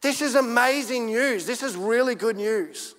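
A man with an Australian accent, a pastor preaching a sermon in an animated, earnest storytelling way. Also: very high-pitched, unhurried, in a large hall.

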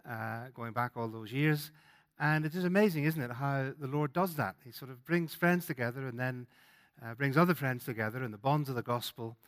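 A man with a Northern Irish accent, giving a sermon as a guest preacher in a conversational way, with frequent fillers and restarts. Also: medium pitch. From Northern Ireland.

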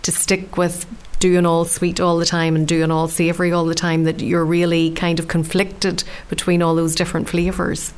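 A woman hosting a radio interview, asking questions in a steady conversational way. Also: lowish voice, normal speed, clean tone.

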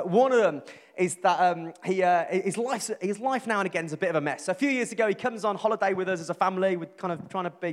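A man with a Birmingham accent preaching a sermon, telling a funny story about a friend with animated, self-mocking delivery. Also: high voice, long reverb tail. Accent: Birmingham English.

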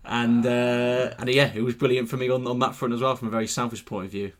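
A man's voice: medium pitch, little pitch movement, quick pace. A man co-hosting a football podcast, chatty and teasing with his co-host, laughing easily. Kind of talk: casual podcast chat.

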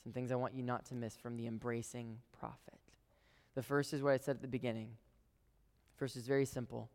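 Preacher with whispers and outbursts, reverberant hall. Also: male voice, medium pitch, level tone, brisk. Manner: swings from loud emphatic lines to hushed whispers; addresses the congregation as "guys". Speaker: pastor. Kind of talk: sermon.

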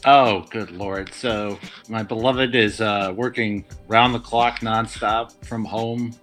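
A man's voice: fairly low pitch, fairly even intonation, takes it slowly, a bit bright, soft background music. A man with a New England accent co-hosting a podcast remotely, easygoing and wry. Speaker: podcast co-host. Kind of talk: casual chat. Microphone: remote over the internet.

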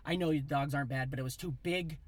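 Fast-talking, animated man telling a story. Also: a little high. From Iowa, US. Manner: animated, rambling, acts out voices in quotes. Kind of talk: casual storytelling.

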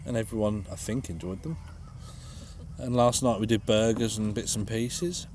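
A man's voice: fairly low pitch, fairly even intonation, normal speed, a little mellow, a little hiss or hum. A British man co-hosting a podcast, chatting casually and joking while camping at a festival. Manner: chatty, jokey, laughs often. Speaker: podcast co-host. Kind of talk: casual chat. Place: outdoor campsite at a festival.

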